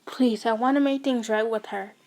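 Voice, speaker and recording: A woman reading the lines of a young male psychic boy who is guarded and awkward but sincere, in a plain, quiet and halting way. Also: fairly high pitch, steady tone, lightly acted. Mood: pleading. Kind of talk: audio fanfiction reading.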